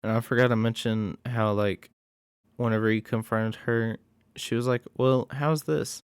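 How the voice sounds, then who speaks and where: A man giving a casual recap of a horror movie, excitable and profane. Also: fairly low pitch, moderate pace, clean tone, dry recording, clean studio sound.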